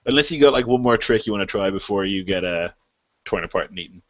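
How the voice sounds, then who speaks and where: A man's voice: fairly low pitch, lively intonation, fast talker, a bit bright, no echo, dull audio. A man narrating a tabletop game as game master, talking casually with lots of fillers and laughs.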